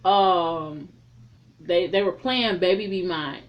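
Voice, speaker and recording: A woman's voice: on the low side, slow, lo-fi sound. A woman reviewing a film in a casual, rambling recap, swearing freely and drifting off on tangents. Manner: rambling, profane, loose and chatty.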